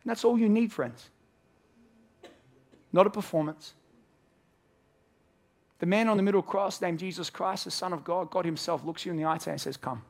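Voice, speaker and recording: A man's voice: high-pitched, normal speed, creaky, pauses often, darkish tone. A man preaching a sermon to a church congregation, earnest, acting out the characters in his story. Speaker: pastor.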